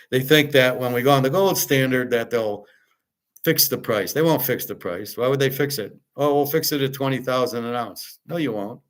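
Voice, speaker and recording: A man hosting his own show, ranting off the cuff with heavy profanity and exasperation, often stumbling over and repeating words when worked up. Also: mid-range voice. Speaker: sports betting picks host. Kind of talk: unscripted ranting commentary.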